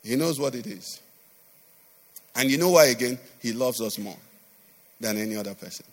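Preaching in an echoing church hall, this male pastor has a medium-pitched voice with lively intonation at a moderate pace. His sermon features sing-song emphasis and nonstop call-and-response questions to the congregation.

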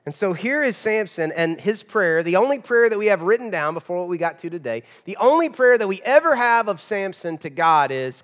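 A male pastor delivers a sermon in a conversational yet emphatic way, swinging between loud stress and hushed passages. His voice sits a little high for a man, and it carries long reverb from the church hall. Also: lively intonation, brisk, few pauses.

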